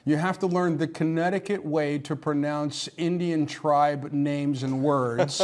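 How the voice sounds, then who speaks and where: A man's voice: fairly high pitch, fairly even intonation, unhurried, darkish tone. A man hosting a live local election night broadcast, chatty and full of restarts as he tells anecdotes. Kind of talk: live studio broadcast chat. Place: local TV studio.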